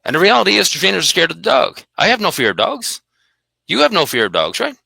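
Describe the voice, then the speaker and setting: A man's voice: high-pitched, wildly swooping pitch, quick pace, gravelly, pushed and bright, husky, no echo. A man talking bluntly and emphatically about dog behaviour in a casual conversation, swearing freely.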